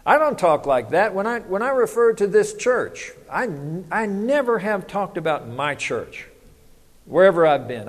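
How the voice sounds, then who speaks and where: Pastor, a touch high-pitched, talks to his flock with questions and answers, long church reverb. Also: very animated, moderate pace. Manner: conversational preaching with rhetorical questions. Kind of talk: sermon.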